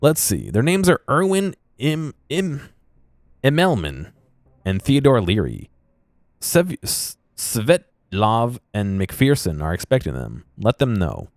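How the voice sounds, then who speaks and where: A man's voice: medium pitch, wildly swooping pitch, takes it slowly, no room sound, clean studio sound, exaggerated voice. A man voicing a lost, nervous young female trainee administrator in a video game, with a Scandinavian accent and a timid, hesitant way of talking. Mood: anxious.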